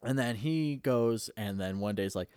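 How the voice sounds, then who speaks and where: A man's voice: medium pitch, normal speed, a little mellow, smooth, dry recording, clean studio sound. A young man casually recapping a movie in a rambling, profane way, full of fillers.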